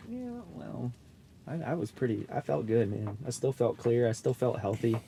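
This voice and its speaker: A man's voice: mid-range voice, expressive, normal speed, vocal fry, dark tone, slight background noise. A young man co-hosting a podcast, rambling in laid-back casual chat from an ice fishing shelter. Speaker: podcast co-host.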